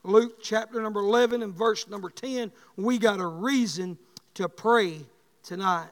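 A man preaching a sermon, telling folksy stories and rising to loud bursts. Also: high voice, moderate pace, big-room sound.

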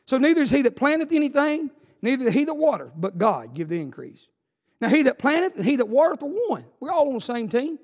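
A man preaching an impassioned sermon to a congregation, swinging between soft asides and fervent, rising exclamations. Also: sits high, long reverb tail. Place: church sanctuary.

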